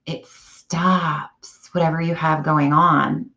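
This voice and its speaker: Chatty woman live-streaming, low-pitched, dull lo-fi audio. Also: normal speed. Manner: chatty, animated, self-correcting. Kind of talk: casual live-stream chat.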